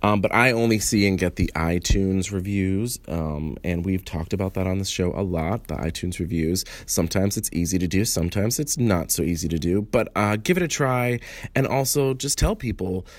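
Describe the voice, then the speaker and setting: Podcast host guy, really low raspy allergy voice, rambly and jokey about himself. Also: dry recording. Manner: rambling, self-mocking, quick asides. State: hoarse from allergies, coughing. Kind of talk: casual podcast announcements.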